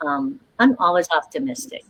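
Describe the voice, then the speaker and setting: Thoughtful middle-aged woman, soft fillers. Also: deep voice, animated, moderate pace, poor audio. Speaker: actor on a panel. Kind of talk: casual panel chat.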